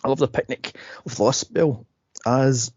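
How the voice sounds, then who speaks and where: A man's voice: mid-range voice, normal speed, a little mellow, slightly rough, no echo, muffled recording. A man hosting a casual movie podcast, rambling and laughing often as he acts out scenes. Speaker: podcast host.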